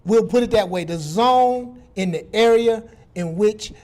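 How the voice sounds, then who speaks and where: Man, from Detroit, middle-aged, high voice, animated, repeats himself for emphasis. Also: unhurried. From Detroit, USA. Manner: animated, vivid storyteller with repetitions. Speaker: guest speaker. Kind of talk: casual storytelling talk.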